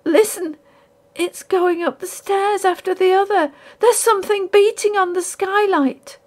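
A woman's voice: very high voice, measured pace, voice pushed up. Woman doing a sniggering ghoulish collector. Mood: giggling excited. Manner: sniggering, gluttonous whispers. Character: ghoulish gloating male collector of crime relics.

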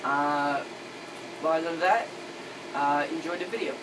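Low voiced girl doing a gaming vid intro, exasperated and mocking, far from the mic, noisy. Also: steady tone, moderate pace. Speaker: gaming channel host. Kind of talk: casual video intro and game chat. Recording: distant noisy home recording.

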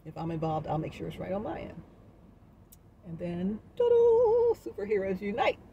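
A woman's voice: sits low, moderate pace, creaky, dull audio, slight background noise. A woman giving a casual, encouraging motivational talk to her viewers as a wellness vlogger. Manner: upbeat, encouraging, sings snippets and laughs.

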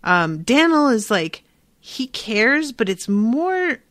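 A woman's voice: fairly high pitch, big pitch swings, slow pace, fairly bright tone, no room sound. A woman hosting a book podcast, talking casually and frankly with swearing, and reading passages aloud. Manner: frank, profane, conversational with fillers. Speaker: podcast host.

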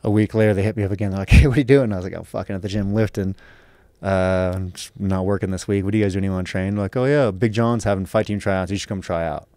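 A man's voice: low-pitched, fairly even intonation, fast talker, darkish tone, no echo. A man in his thirties, an MMA fighter on a podcast, telling a story casually with lots of swearing and acted-out quotes.

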